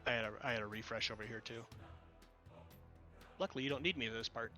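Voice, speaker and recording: A man running an online tabletop game as game master, his voice bright and ringing. He talks in a relaxed way and mutters under his breath while he moves pieces. Faint music plays behind him. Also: mid-range voice, quick pace. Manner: relaxed, mutters to himself while moving tokens.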